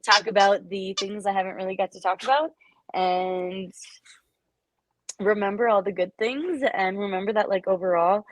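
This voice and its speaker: A woman chats as a guest on a casual podcast and leans on "like" as filler. Her voice sits at a mid pitch. The close mic gives a dry sound. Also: fairly even intonation, moderate pace, dry recording, poor audio. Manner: chatty, lots of filler 'like'. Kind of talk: casual chat.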